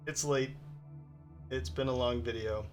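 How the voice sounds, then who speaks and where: A man's voice: medium pitch, steady tone, measured pace, soft background music. A man hosting a let's play, giving casual commentary as he thinks aloud through his choices, with plenty of ums along the way.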